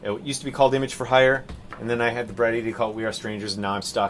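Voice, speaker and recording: A man's voice: mid-range voice, fairly even intonation, rapid-fire. A man chatting casually and rambling with jokes as he paints on a live stream, calling his viewers "team".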